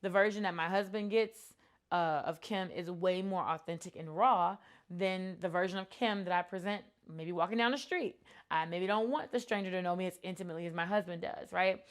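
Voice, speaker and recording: A woman's voice: lowish voice, fairly quick. A woman in her thirties talks straight to camera about what she has learned running a business. Her delivery is earnest and reflective, loose and conversational, with frequent ums and restarts. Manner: earnest, reflective, many fillers. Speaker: entrepreneur vlogger. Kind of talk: casual talk to camera.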